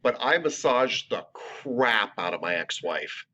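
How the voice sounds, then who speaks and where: A man teaching a massage therapy class in a chatty, animated, jokey way. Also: mid-range voice, slow pace. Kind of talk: classroom lecture. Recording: lo-fi recorded lecture.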